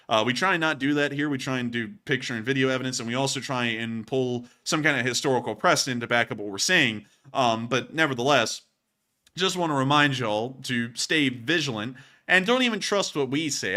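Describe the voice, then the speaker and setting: A man with a bright, forceful voice runs a war news show in a loose, conversational style. He talks to his viewers directly and jokes about the footage he shows. His pitch sits in a medium range. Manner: chatty, joking, laughs at the footage; addresses viewers directly and informally. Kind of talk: casual news commentary over clips.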